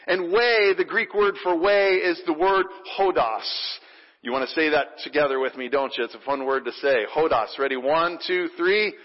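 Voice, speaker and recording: A pastor preaching a sermon in a church, playful and animated, leading the congregation in call and response. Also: male voice, sits high. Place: church sanctuary. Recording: dull recording with long hall reverb.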